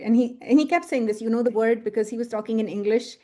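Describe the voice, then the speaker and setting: A woman's voice: fairly high pitch, fast, few pauses, warm tone. A woman researcher presenting her thesis in a webinar, retelling an interview in a conversational way with many fillers. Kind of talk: academic webinar talk. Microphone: webinar computer mic.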